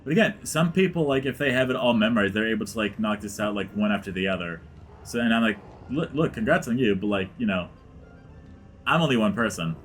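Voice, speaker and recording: Talking fast in a fairly low, fairly bright voice, a let's play gamer rambles through casual commentary over soft background music. Fillers, especially "like," pile up, and he sometimes drops to a mutter.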